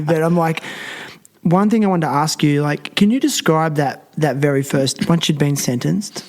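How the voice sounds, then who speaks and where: A man's voice: on the high side, moderate pace. A man hosting a podcast interview, asking eager, rambling questions. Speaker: podcast host.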